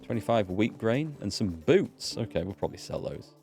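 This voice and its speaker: A man's voice: on the low side, sing-song, normal speed, creaky, mellow, faint music behind. A man with a North Yorkshire accent giving chatty live-stream commentary on a game and answering viewers' chat. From North Yorkshire, England. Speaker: let's play streamer.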